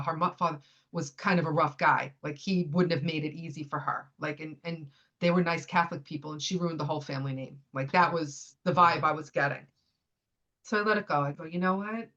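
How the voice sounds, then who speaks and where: Woman in her 50s on a podcast, lowish voice, acting out what everyone said, kinda muffled audio. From United States. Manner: animated retelling, acts out what others said. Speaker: podcast guest. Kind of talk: personal storytelling in conversation.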